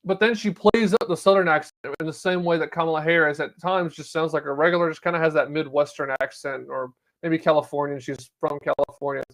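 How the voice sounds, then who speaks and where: A man hosts his own podcast, talking through the news in a loose, sarcastic way. His voice sits slightly higher than most men's. He breaks off now and then to read an article aloud. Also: fairly even intonation, brisk, few pauses, a bit bright. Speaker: podcast host. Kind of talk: solo political commentary.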